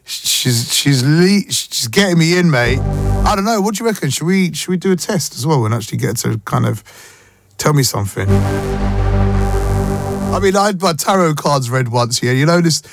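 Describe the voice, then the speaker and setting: A man's voice: on the high side, lively intonation, normal speed. A young man, chatting casually as a radio host and telling stories in a slangy way. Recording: music bed behind voice.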